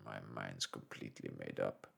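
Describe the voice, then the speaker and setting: Guy doing a deep gruff harpooner, furious and blunt, hushed husky whispered role-play. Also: steady tone, moderate pace, faint music behind, heavily acted. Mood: scornful. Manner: raging, blunt. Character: gruff angry male Canadian harpooner.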